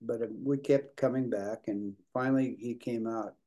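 Halting older man with mellow tone. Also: mid-range voice, fairly even intonation. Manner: halting, repeats words, many fillers. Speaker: Episcopal priest, prison minister. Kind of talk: conversational interview answers.

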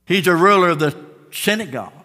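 Male pastor, dramatic sermon delivery; high, brassy tone, church reverb. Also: animated, fast talker. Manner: dramatic storytelling, swinging from shouts to hushed tones. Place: church sanctuary.

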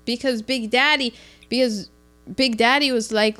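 A woman with a slightly high voice chats casually, recounting a film scene by scene. She jumps into the characters' lines with big leaps in pitch, talking animatedly. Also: steady tone, unhurried, pushed and bright, soft background music. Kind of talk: casual chat retelling a film.

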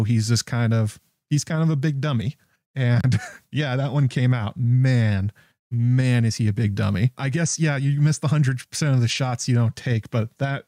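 A man's voice: medium pitch, warm tone, no room sound, clean studio sound. A man giving casual, rambling commentary on a TV episode, often chuckling in disbelief. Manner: incredulous, chuckling, rambling with restarts. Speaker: show recap host.

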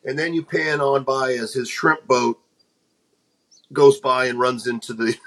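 A man's voice: mid-range voice, fairly even intonation, measured pace, fairly bright tone. A middle-aged man co-hosting a casual podcast, blunt and jokey in a plain-spoken way. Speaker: podcast co-host.

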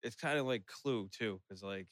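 A man's voice: fairly low pitch, normal speed, a bit bright, no room sound, clean studio sound. A man co-hosting a podcast, blunt, crude and laid-back. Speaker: podcast co-host. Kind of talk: casual chat.

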